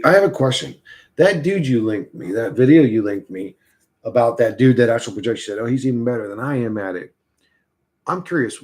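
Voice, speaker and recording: A man's voice: lowish voice, creaky. A man hosting a casual livestream, rambling and swearing as he talks to his chat and to his dog. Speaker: livestream host.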